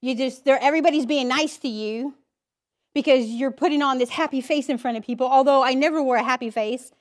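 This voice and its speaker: A woman with a high voice gives a personal testimony at church. She speaks candidly and with feeling, slipping into her own inner voice as she tells the story. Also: a little fast. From Idaho, US.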